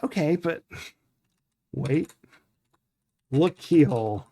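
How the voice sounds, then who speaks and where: Wry deadpan man streaming a retro game. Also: on the high side, takes it slowly, breathy edge. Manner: wry, deadpan self-talk with mock-dramatic readings. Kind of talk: casual live-stream commentary, reading game text aloud.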